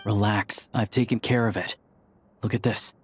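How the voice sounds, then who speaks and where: A man's voice: fairly low pitch, steady tone, normal speed, slight background noise, close to an everyday voice. Man voicing an easygoing young theater worker. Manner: easygoing and persuasive. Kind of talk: video game voice acting.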